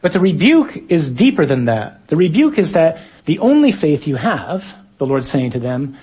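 A man preaching a reflective sermon at an evening gathering, swinging between quiet musing and dramatic loud bursts. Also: on the high side, sing-song, moderate pace, slightly rough.

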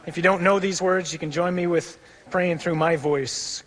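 A priest delivers an emphatic sermon in a fairly high, husky voice. He leads the congregation through a recited prayer. The sound carries a long reverb, as if from a church hall. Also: fairly even intonation, normal speed. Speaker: priest leading a mission.

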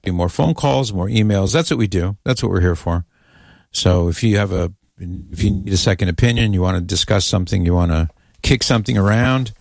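Guy hosting call-in radio, lowish voice, dry studio sound, joking around. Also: gravelly, no room sound. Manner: friendly, joking banter. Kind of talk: casual call-in radio chat.

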